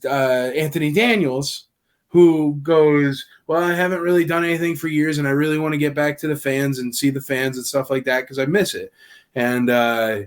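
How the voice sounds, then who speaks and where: A man telling stories in a casual podcast chat, acting out quoted dialogue as he goes. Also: a little high. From Nashville area. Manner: animated storyteller, acts out quoted dialogue. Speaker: convention organizer guest.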